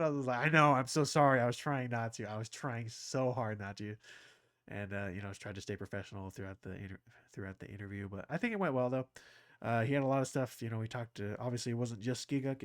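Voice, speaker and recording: A man talking casually to his audience, rambling with lots of restarts and getting excited as a fan. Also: on the low side, dry recording, clean studio sound. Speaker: anime reaction channel host.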